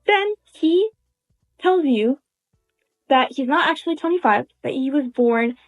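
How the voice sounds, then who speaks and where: A woman's voice: high-pitched, lively intonation, unhurried. A young woman casually telling a story in the second person, acting out bits of dialogue. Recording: tinny phone-like sound.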